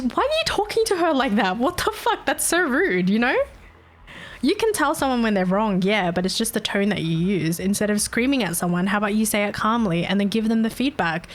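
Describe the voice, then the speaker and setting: A woman's voice: on the high side, lively intonation, fairly quick. A young woman streaming live, chatting casually with viewers and venting animatedly, swearing freely.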